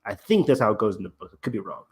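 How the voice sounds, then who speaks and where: A man's voice: lowish voice, big pitch swings, rapid-fire, slightly rough. Rambling young man reviewing a show. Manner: rambling, many fillers, acts out quotes. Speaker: podcast co-host. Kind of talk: casual review chat.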